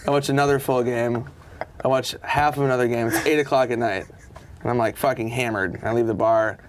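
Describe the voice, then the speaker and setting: A man's voice: medium pitch, brisk, slight background noise. A man casually telling funny anecdotes, swearing and acting out what people said. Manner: animated storyteller, swears, acts out quotes. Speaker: comedian guest.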